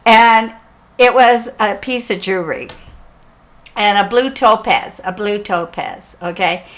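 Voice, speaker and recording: Psychic lady telling a story, chatty, repeats herself, laughs along, mid pitch voice. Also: takes it slowly, fairly bright tone. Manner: chatty, repeats phrases, laughs as she talks. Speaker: psychic medium. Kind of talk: casual personal storytelling.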